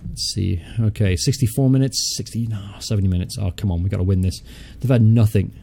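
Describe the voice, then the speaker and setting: Mellow-voiced man muttering through a game. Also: lowish voice, brisk, vocal fry, slight background noise. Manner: chatty, thinks aloud, mutters and swears casually. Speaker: gaming channel host. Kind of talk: casual let's-play commentary.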